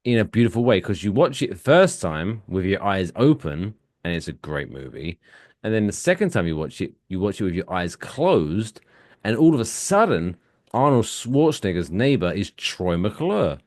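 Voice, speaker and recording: A male podcast co-host talks in a loose, crude comedic chat, tossing in jokes and bits. His pitch swings widely as he riffs. The sound is dry and close, with no room around it. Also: big pitch swings, normal speed, dry recording. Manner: crude, loud, swings into jokey impressions.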